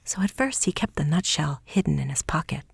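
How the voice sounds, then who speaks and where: A woman narrating a folk tale audiobook in a soft, hushed, scripted reading. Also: sits low, expressive, brisk, vocal fry, slightly rough, no echo.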